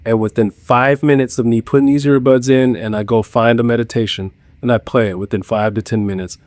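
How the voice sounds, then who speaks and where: A man's voice: medium pitch, steady tone, fairly quick, a little mellow, dry recording. A man interviewed on a podcast as an entrepreneur guest, talking earnestly in personal anecdotes and laughing at himself. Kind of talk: casual interview chat.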